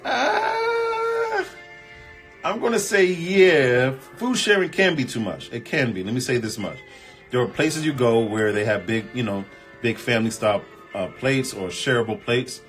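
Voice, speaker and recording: A man hosting a casual relationship advice chat, reading viewer comments and answering in an animated, emphatic, colloquial way. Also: medium pitch, normal speed, faint music behind. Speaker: host.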